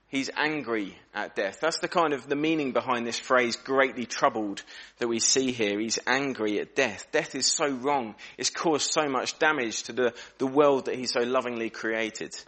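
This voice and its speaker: A man's voice: mid-range voice, fairly bright tone. Earnest male preacher giving a sermon. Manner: earnest, reflective, varies pace and volume for emphasis. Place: church.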